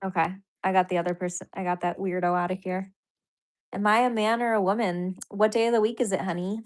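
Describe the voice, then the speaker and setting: A woman's voice: mid-range voice, steady tone, brisk. Woman streamer rambling w her chat, reads comments out, laughs a lot. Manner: chatty, reads viewer comments aloud, laughs often. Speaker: livestream host. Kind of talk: casual live-stream chat.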